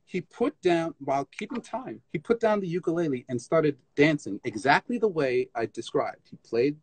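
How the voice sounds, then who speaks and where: A man as guest in a casual live interview, an animated storyteller who scats rhythms and restarts often, on a phone stream. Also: fairly high pitch, moderate pace, husky, dry recording. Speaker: guest tap dancer.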